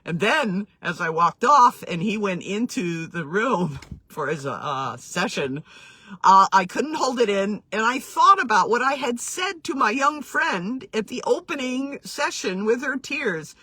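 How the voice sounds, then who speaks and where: A woman telling a personal story in a casual, reflective way, earnest and laughing softly between phrases. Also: mid-range voice, lively intonation, normal speed, breathy edge, dry recording. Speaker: healing coach sharing her story.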